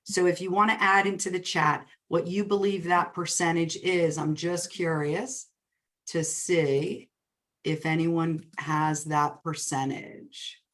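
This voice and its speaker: A woman with a New Jersey accent, a real estate coach presenting a webinar in a fast, excited, upbeat way. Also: fairly low pitch. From New Jersey, US Northeast.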